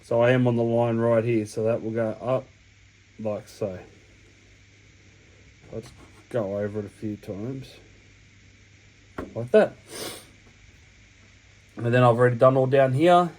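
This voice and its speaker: A man's voice: mid-range voice, measured pace, long pauses, a little mellow, slight background noise, rough recording. An Australian man with a sniffly cold, explaining a hobby task step by step in a chatty, rambling way that keeps correcting itself. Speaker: hobby channel host. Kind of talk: casual step-by-step tutorial. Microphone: camera mic while working.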